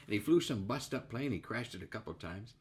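A man hosting a podcast interview, teasing his guest in a dry, deadpan way. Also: on the low side, quick pace. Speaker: podcast host. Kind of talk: casual interview chat.

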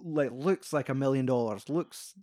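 A man's voice: mid-range voice, moderate pace, no room sound, studio quality. A young man, chatting casually and animatedly about a film, swearing freely. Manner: animated, sweary, acts out quoted lines.

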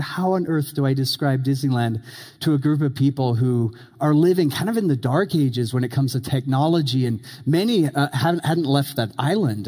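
A man preaching a sermon, telling a lively story and acting out the voices of the people in it. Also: on the high side. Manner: animated storyteller, acts out quotes. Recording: long hall reverb.

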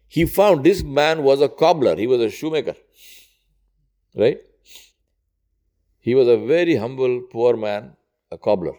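A man preaching in a conversational storytelling way, retelling an old tale with lively quoted dialogue. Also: a little slow, long pauses. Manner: conversational, rising high when quoting characters. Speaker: Islamic preacher. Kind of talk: storytelling sermon.

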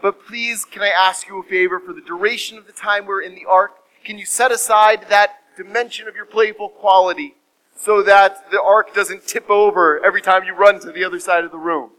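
A man putting on a patient, earnest Noah who keeps coaxing and pleading, his voice pitched higher and brighter than usual. He pushes each plea with a lift in the voice. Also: steady tone, brisk, low-quality recording.

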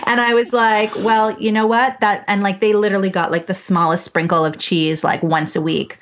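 A woman, probably in her thirties, is a guest on a podcast and tells family stories in an animated way, acting out her kids' voices. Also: mid-range voice, moderate pace, few pauses, muffled recording, slight background noise. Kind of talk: casual interview chat.

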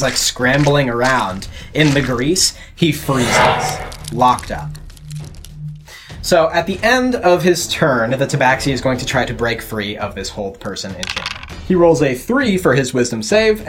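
A game master narrating a tabletop game with animated delivery and frequent laughter. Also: medium pitch, noisy background.

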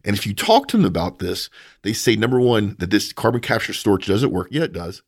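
A man hosting a podcast, giving opinionated, animated commentary on industry news in casual chat. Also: lowish voice, fairly quick, no room sound, studio quality. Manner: opinionated, animated, mocking asides. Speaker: podcast host.

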